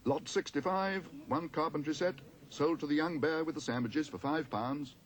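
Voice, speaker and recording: A man voicing a brisk male auctioneer in a storybook reading, calling out bids in a loud sing-song. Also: on the high side, voice pushed up, natural voice.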